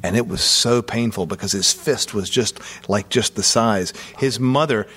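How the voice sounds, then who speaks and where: A man's voice: lowish voice, moderate pace, a bit bright, slightly rough. A man, a guest musician, telling stories in a casual studio interview in a laid-back, profane way. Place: recording studio. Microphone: studio microphone close up.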